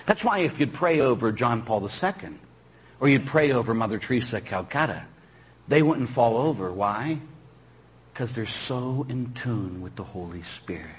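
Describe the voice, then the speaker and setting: A man's voice: mid-range voice, lively intonation, normal speed, breathy edge. A man who is a Catholic priest, preaching a sermon through chatty personal stories and often tagging his sentences with "huh?". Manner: chatty storyteller, tags lines with "huh?"; acts out voices of people in his stories.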